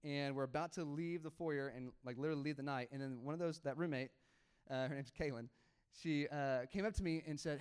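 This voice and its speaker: A young adult man, a pastor, telling a story in a sermon in a casual, animated way with laughs and quoted dialogue. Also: mid-range voice, fairly quick, clear, resonant tone.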